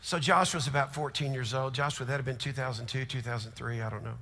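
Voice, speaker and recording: A middle-aged man, a pastor telling a story in a sermon, swinging from hushed to shouting. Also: medium pitch, steady tone, quick pace. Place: large church auditorium. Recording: long hall reverb.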